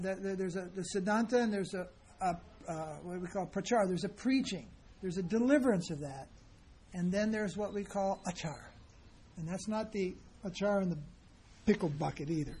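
A man's voice: high voice, darkish tone, slight background noise. A man teaching as a spiritual teacher in an informal sermon, speaking in a conversational, emphatic way and acting out the people he quotes.

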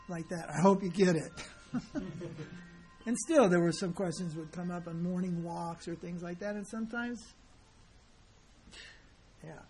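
A man's voice: high voice, a little slow, pauses often, darkish tone, soft background music. A man teaching as a spiritual teacher in an informal sermon, speaking in a conversational, emphatic way and acting out the people he quotes.

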